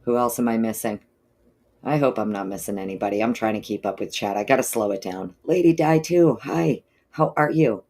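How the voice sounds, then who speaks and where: A woman hosts a casual livestream and works through her chat, greeting viewers by name and calling them honey and darling. She sounds low on energy and clears her throat often. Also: fairly quick, dark tone. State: low energy, not feeling peppy. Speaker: livestream host.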